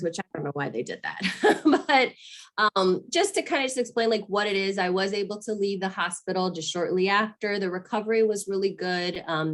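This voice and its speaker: A woman in her thirties from Arizona, candidly telling a personal story in an interview, laughing now and then and acting out what people said. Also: lowish voice. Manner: candid, laughs often, acts out quoted voices. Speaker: guest mother.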